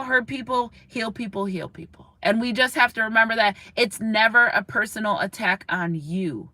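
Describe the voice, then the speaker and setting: A woman's voice: mid-range voice, pushed and bright, dry recording. A woman giving a spiritual tarot reading straight to her viewers, emotional and passionate, often repeating herself and asking "okay?". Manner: repeats words, asks "okay?". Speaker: tarot reader.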